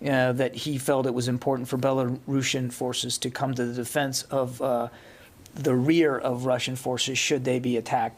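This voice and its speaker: A mid-pitched man answers reporters' questions at a press briefing. He speaks in a measured, guarded way, pausing and restarting often as he picks his words. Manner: measured, cautious, many hesitations and restarts. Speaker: press secretary. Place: briefing room.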